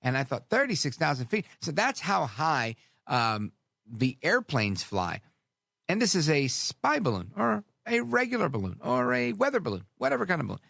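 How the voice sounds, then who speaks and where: A man's voice: fairly high pitch, moderate pace, creaky, no echo. A man hosting a talk radio show, delivering a sarcastic, rambling monologue full of asides. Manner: sarcastic, animated, drifts into asides.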